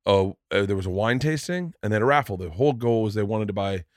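A middle-aged man hosting a podcast, telling stories in a profane, animated way. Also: on the low side, fast talker, no echo, clean studio sound. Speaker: podcast host. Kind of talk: casual podcast conversation.

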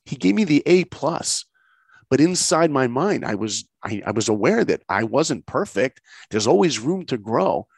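A middle-aged man telling a personal story in conversation, lively and acting out the voices of people he quotes. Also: medium pitch, moderate pace, gravelly, husky, no echo. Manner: lively, acts out quoted voices, laughs often. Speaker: guest storyteller.

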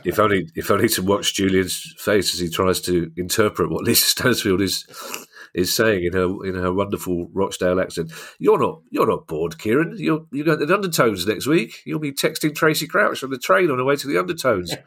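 A man hosting a podcast in relaxed, casual chat, with dry, teasing humour. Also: lowish voice, brisk, husky. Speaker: podcast host.

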